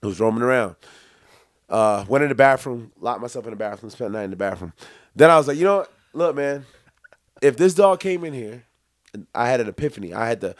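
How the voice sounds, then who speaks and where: A young man spins a story in casual podcast chat, full of laughs and acted-out quotes. His voice sits at an ordinary pitch. The sound is dry and close. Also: fast, dry recording. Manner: animated, acts out quotes, laughs often. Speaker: podcast co-host.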